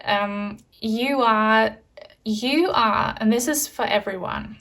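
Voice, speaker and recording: A woman doing a tarot reading, her voice a touch high and earnest, soft and reassuring. She sits a little back from the microphone, so the sound is slightly distant. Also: slow pace. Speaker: tarot reader. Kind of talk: pick-a-card tarot reading.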